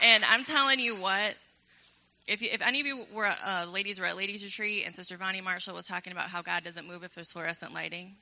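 A woman's voice: mid-range voice, fast, vocal fry, sharp tone, highs cut off, a faint crowd, a little hiss or hum. A young woman leading a ministry program, addressing a church in a casual, enthusiastic, chatty way with frequent laughter.

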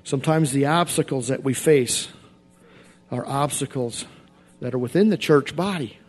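A man preaching a sermon in a repetitive, emphatic cadence, swinging from quiet confession to shouted outbursts. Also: medium pitch, normal speed, slightly rough.

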